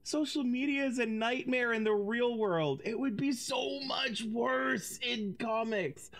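A game streamer in casual let's-play commentary, reading in-game text aloud and bursting into loud laughter, with casual swearing. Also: medium pitch, unhurried.

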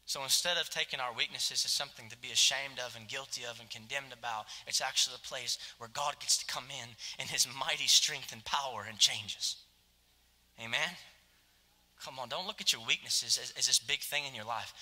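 Man, pastor, passionate sermon, bright high voice, long church reverb. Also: brisk. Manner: impassioned, swings from loud preaching to hushed tones. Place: church sanctuary.

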